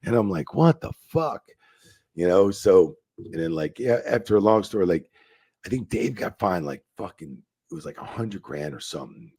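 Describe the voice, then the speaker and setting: A man who is a former wrestling referee, telling profane, animated backstage stories in a casual interview and acting out the quotes. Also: low voice, normal speed, husky. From New Jersey.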